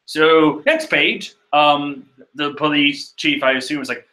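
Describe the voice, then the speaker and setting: Bright, joking man reading aloud. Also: on the high side, takes it slowly. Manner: joking and profane, laughs often. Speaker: manga reading vlogger. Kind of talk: casual reading and commentary. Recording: echoey room.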